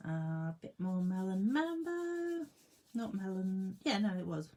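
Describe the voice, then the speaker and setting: A woman's voice: mid-range voice, sing-song, unhurried, darkish tone. A woman demonstrating card making in a casual tutorial at her home craft desk, chatting to herself and her tools and laughing at her own jokes.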